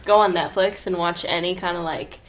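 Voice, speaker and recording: A woman co-host chatting casually, giggly and loose with her words. The recording has clear background noise. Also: on the low side, fairly even intonation, brisk. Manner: chatty, giggly, lots of filler "like". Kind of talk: casual chat. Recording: noisy podcast recording.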